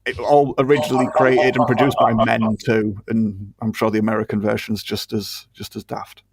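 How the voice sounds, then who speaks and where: A man's voice: lowish voice, flat delivery, moderate pace, heavy background noise. A British man co-hosting a podcast, chatting casually in a blunt, sweary, sarcastic way. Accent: British English. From Britain. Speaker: podcast co-host. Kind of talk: casual chat.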